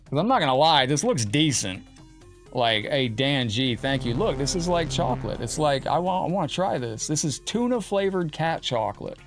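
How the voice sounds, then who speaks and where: Male game streamer, middle pitch, relaxed banter, music under the voice. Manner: chatty, talks to his cat and viewers. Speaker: gaming streamer. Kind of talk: casual live-stream chat.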